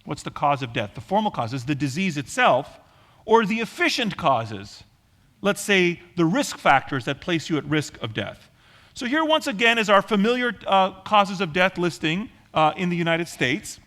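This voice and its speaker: A male professor giving a university lecture to a class, talking quickly and informally with frequent ums and uhs. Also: high-pitched, sing-song, fairly bright tone. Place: lecture hall.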